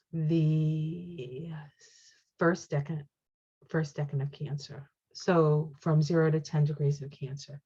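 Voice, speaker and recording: A woman giving a casual tarot reading, chatty and excitable, reacting aloud to each card as she turns it. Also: sits low. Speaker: tarot reader. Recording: dull lo-fi sound.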